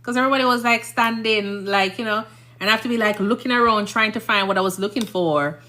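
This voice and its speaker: A woman's voice: medium pitch, fast talker, sharp tone. A woman from Jamaica with a Jamaican accent, a nurse chatting casually on a livestream, rambling and often checking "you understand?".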